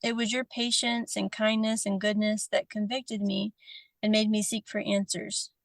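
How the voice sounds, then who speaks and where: A woman's voice: mid-range voice, flat delivery, normal speed, no echo. A woman reading aloud a tender personal letter as a podcast guest, emotional and often laughing, then chatting casually.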